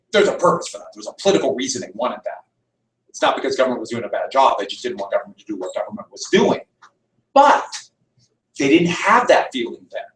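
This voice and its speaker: Lively storytelling man lecturing. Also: mid-range voice. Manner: lively storytelling, acts out quotes. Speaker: history lecturer. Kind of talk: classroom lecture. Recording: echoey room, mic far off.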